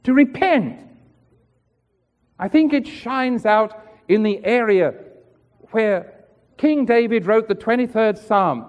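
A man's voice: high voice, expressive, takes it slowly, pauses often, muffled recording. A man preaching a sermon in an earnest, rhetorical way, acting out the voices he quotes. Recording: hall reverb.

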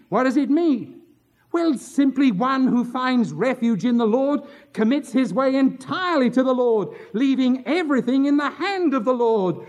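A man's voice: very high voice, a little mellow. A male pastor preaching an impassioned sermon, drawing out words for emphasis. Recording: dull lo-fi sermon tape.

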